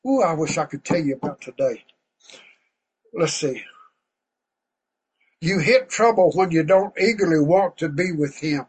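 A man preaching a fervent, folksy sermon to an online group over a video call, breaking into shouts of praise. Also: a little high, animated, a little slow, long pauses, husky, rough recording.

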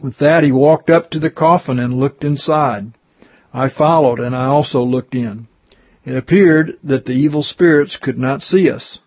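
A man's voice: mid-range voice, normal speed, breathy edge, dry recording, dull audio. A man reading a religious testimony aloud in an earnest way, stumbling now and then, with his own comments in between. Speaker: reader.

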